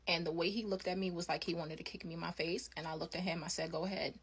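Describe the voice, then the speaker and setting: A woman's voice: lowish voice, fairly even intonation, fast talker, breathy edge. A mother giving firm, blunt opinions in a vlog.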